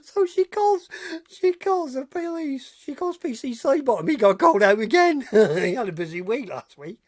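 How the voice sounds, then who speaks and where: A woman rambles through village gossip as a comic monologue, chuckling at her own stories. Her pitch swings widely and lively. The sound is close and dry. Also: normal speed, no echo. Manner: rambling, with restarts and repeated phrases. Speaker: village news storyteller.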